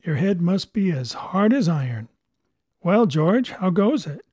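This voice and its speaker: Man reading as a brisk gentleman doctor, crisp educated speech, dry scolding, a bit high and husky. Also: very animated, no room sound, exaggerated voice. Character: brisk, fearless male ship's doctor, gentleman.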